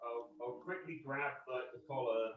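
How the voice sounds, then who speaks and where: A man taking part as a player in a tabletop game, eager and quick to joke. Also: medium pitch, lo-fi sound. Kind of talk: casual tabletop play. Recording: roomy echo from a distance.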